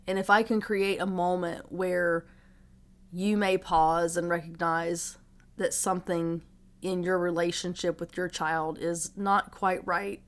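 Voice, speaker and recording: A woman's voice: fairly low pitch, fairly bright tone. A middle-aged woman, a mother, telling an emotional personal story in an earnest, reflective way.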